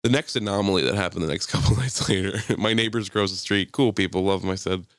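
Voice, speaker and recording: Recorded dry and at studio quality indoors, a low-voiced man talks fast. As a podcast co-host in casual chat, he tells stories animatedly, swearing heavily and acting out what people said.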